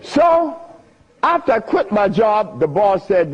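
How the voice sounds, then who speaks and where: An older man with a slightly high, husky voice talks to a crowd. His pitch swings widely as he tells stories and laughs between lines. The sound comes through a dull, lo-fi old recording. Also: takes it slowly. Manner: animated, laughs often, sing-song emphasis. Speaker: speaker giving a talk. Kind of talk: storytelling lecture to an audience.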